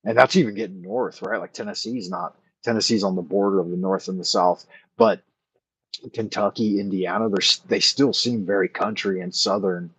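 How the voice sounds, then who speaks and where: A man's voice: lowish voice, animated, normal speed, creaky, fairly bright tone, breathy edge, dull audio. A man hosting a casual late-night chat, rambling and thinking aloud with many fillers as he answers his viewers. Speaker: livestream host answering chat.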